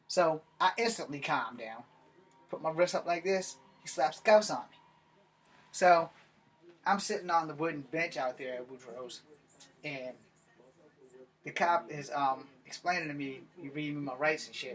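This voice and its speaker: A young man tells a story on his own. His voice sits a little high for a man, and his delivery is brash and profane, with animated turns as he acts out each person's lines. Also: fairly quick. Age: young adult. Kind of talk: casual storytelling monologue.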